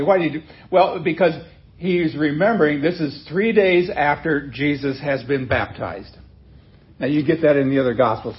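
A man's voice: a little high, muffled recording. A man preaching a sermon in a conversational way, reading scripture aloud and stopping to explain it with casual asides. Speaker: pastor.

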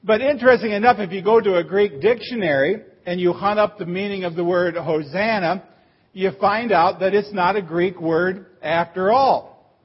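High-voiced husky preacher in a sermon. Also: male voice, muffled recording. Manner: teacherly, swells to emphatic cries on quoted phrases. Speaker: pastor.

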